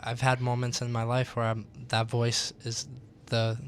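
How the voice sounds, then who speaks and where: A man hosting a radio interview in a studio, speaking in a relaxed, affirming way with frequent hesitations and fillers. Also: medium pitch, unhurried, crowd noise. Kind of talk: casual conversational interview.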